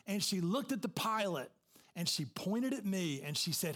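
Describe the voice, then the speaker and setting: A man's voice: sits high, very animated, measured pace, a bit bright. A man preaching a sermon as a pastor, telling a personal story in a conversational way with asides to the congregation.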